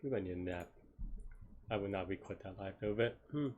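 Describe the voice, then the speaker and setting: A tired, yawning man working through a coding problem live, thinking aloud in halting, self-questioning phrases with many restarts. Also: deep voice, darkish tone, highs cut off, slight background noise.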